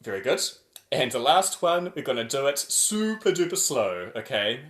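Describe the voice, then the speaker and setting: A man leading a choir warm-up over a video call, playful and over the top as he chants drills. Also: medium pitch, very animated, moderate pace, echoey room.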